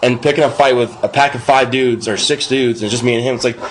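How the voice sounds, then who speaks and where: A man's voice: medium pitch, fast, a little hiss or hum. A young man, a podcast co-host, telling a long drunken-night story in casual, profane speech and acting out the quotes. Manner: profane, animated anecdote with acted-out quotes.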